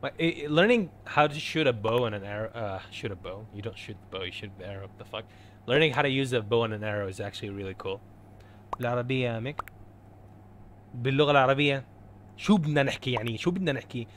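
A young man streams a game and chats loosely with his viewers, often stumbling and laughing at himself. His voice sits at an ordinary middle pitch. A clear hiss of background noise runs under his home mic. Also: racing, a bit bright. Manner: rambling, self-deprecating, talks to chat. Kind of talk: casual game stream chat.

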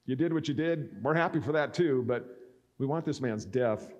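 A man's voice: mid-range voice, moderate pace, darkish tone. A male pastor preaching a sermon, reading scripture and acting out the speakers' lines. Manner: expository preaching that acts out speakers' words.

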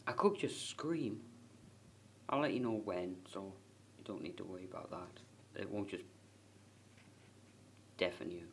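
A man venting into his camera at home, swearing and shouting hard, with a lung problem straining his voice. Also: expressive, measured pace, gravelly, pauses often, far from the mic, a little hiss or hum. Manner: low muttering, then furious screaming rant. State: lung problem, worried about losing voice. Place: bedroom at home, window closed. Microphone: camera in the room.

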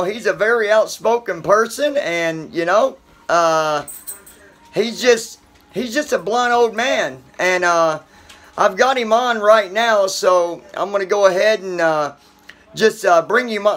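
A man hosting his online show in a casual, halting way with many filler pauses. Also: high-pitched, fairly bright tone. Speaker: host. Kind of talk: casual chat.

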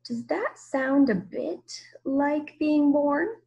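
A woman's voice: mid-range voice, sing-song, slow pace, vocal fry, darkish tone, highs cut off, full character voice. A woman reading aloud and voicing a polite, curious young girl in a raised, questioning voice.

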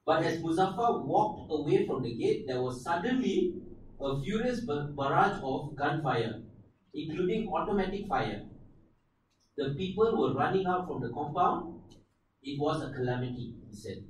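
A man's voice: on the high side, big pitch swings, normal speed. A man with a Malaysian English accent co-hosting a live comedy podcast, narrating a story and breaking into jokes. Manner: narrates events, then breaks into joking bits with laughs. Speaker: podcast co-host. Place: live show venue. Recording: very echoey live room, mic distant, faint noise.

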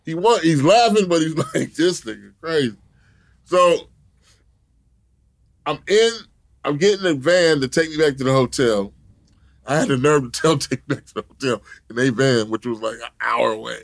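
A man telling a profane story as an interview guest, animated, laughing often and acting out the other people in it. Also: on the high side, normal speed, creaky.

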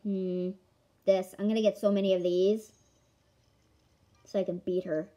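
A woman giving casual commentary on a board game she is playing, excitable, with melodramatic outbursts and playful taunting of her opponent. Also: medium pitch, unhurried. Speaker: gamer filming a board game. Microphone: camera mic.

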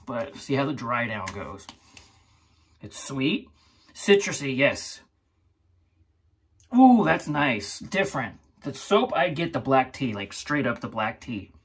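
A man with a husky, slightly breathy voice talks through his shave in a loose, chatty way. He rambles, laughs often, and sounds like he is reviewing products for his own channel. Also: medium pitch, very animated, slow pace, long pauses. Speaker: shaving channel host. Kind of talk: casual product review vlog.

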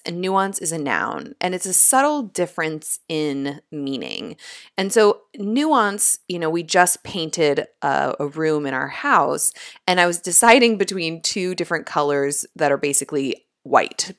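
A middle-aged woman teaching vocabulary words, explaining each one clearly with everyday examples. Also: low-pitched, animated, unhurried. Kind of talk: vocabulary lesson.

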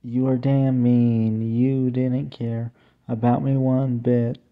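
A young man half sings, half speaks a homemade song, slow and plaintive, his melody mostly flat apart from long drawn-out cries. The sound is thin and tinny, like it was caught on a phone. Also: medium pitch, clear, resonant tone.

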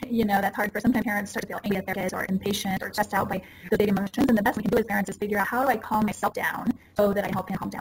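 A woman in her forties, a parenting consultant, explaining things in a casual, earnest way and acting out little quotes as she goes. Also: medium pitch. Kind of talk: casual interview talk. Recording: audible background noise.

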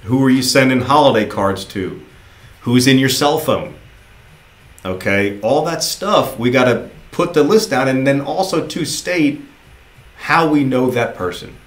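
A man's voice: medium pitch, lively intonation, measured pace, roomy sound. A man giving a casual, encouraging motivational training talk to new recruiters, often repeating himself for emphasis.

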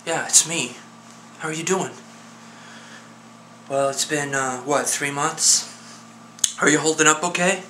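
A man's voice: on the high side, measured pace, long pauses, bright, forceful tone, a little hiss or hum. A man acting as a worried friend in a one-sided phone call, talking earnestly and insistently to coax a despairing man to hold on. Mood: concerned.

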